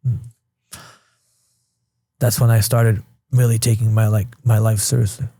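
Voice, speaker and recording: A man's voice: fairly low pitch, little pitch movement, unhurried, mellow, slightly rough, no echo, clean studio sound. A man in his thirties from Queens, New York, a podcast guest telling his life story candidly and casually, swearing freely and acting out past conversations. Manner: blunt, swears freely, retells scenes with quoted dialogue.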